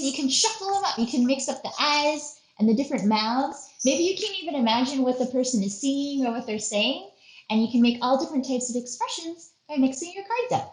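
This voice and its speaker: A bright-voiced woman leads a children's art lesson in a roomy, echoing space. She plays along with every face she shows, acting out little voices as she goes. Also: sits high. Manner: playful, acts out faces and voices. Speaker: museum educator.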